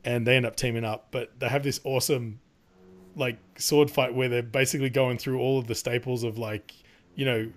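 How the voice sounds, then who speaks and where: A man's voice: medium pitch, fairly even intonation, normal speed. A man in casual podcast chat, rambling with lots of fillers, laughing and swearing as he talks. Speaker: podcast co-host.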